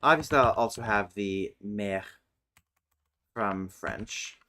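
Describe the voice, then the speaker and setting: A man streaming casually, thinking aloud as he works, muttering and humming to himself with many hesitant pauses. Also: on the low side, sharp tone. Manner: mutters and hums to himself while working; slow, hesitant, with many fillers.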